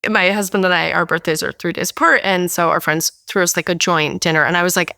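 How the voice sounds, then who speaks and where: A woman cookbook author telling warm dinner-party stories on a podcast in an animated, gushing way. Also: fairly low pitch, fast talker, gravelly, few pauses, no room sound, clean studio sound. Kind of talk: casual podcast conversation.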